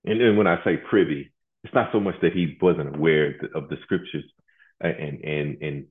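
A man with a very low voice delivering a sermon. He talks casually and haltingly, restarting and repeating words as he goes. The sound is thin and phone-like. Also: steady tone. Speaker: preacher. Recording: tinny phone-like line.

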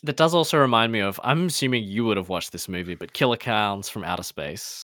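A man's voice: lowish voice, fairly quick, fairly bright tone, no room sound, studio quality. A man co-hosting a podcast in easygoing casual chat, laughing often. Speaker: podcast co-host.

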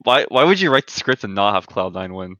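A man's voice: lowish voice, big pitch swings, brisk, bright, forceful tone, dry recording. A man on an esports panel, teasing the others and sounding irritated when complaining. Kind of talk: casual esports chat. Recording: dull, lo-fi audio.

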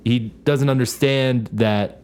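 A man's voice: medium pitch, fairly even intonation, takes it slowly, a little mellow, clean tone. A man co-hosting a podcast, recapping a show in casual chat with crude jokes. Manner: crude joking recap, mock voices. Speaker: podcast co-host.

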